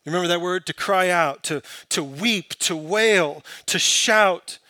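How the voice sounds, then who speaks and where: A man preaching a sermon, building from quiet, searching questions to impassioned, emphatic peaks. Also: sits high, slow, no echo. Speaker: pastor.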